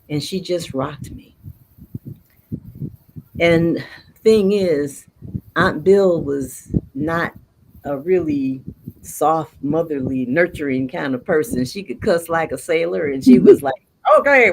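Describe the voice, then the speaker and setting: Expressive bilingual woman storyteller. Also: low-pitched, creaky, noisy background. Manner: expressive, mixes Spanish words into English. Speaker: storyteller guest. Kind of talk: storytelling in an interview.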